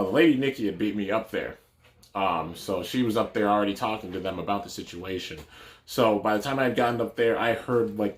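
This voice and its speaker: Low-voiced man telling a story. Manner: rambling, many fillers and restarts. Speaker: YouTuber. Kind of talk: casual storytelling.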